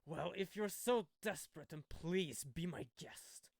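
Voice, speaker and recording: Guy doing a sneery arrogant old prosecutor, slow snooty drawl, dry close sound. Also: fairly high pitch, vocal fry, no echo. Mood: sneering. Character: arrogant older male prosecutor, cold and sneering.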